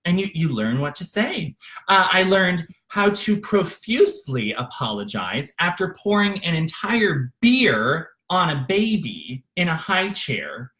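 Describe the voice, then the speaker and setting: A man tells his own life story in a bright, ringing voice that rises and falls in a lively way. He talks candidly and with feeling, catching himself with fillers and restarts as he goes. It sounds like a close studio microphone. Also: fairly high pitch, unhurried. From Arkansas, USA. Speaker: author narrating his memoir. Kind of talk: unscripted memoir narration.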